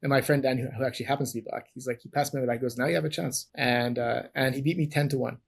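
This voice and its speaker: This middle-aged Canadian, once a champion wrestler, spins long interview stories packed with restarts and self-corrections. He speaks very fast in a mid-range voice with little pitch movement.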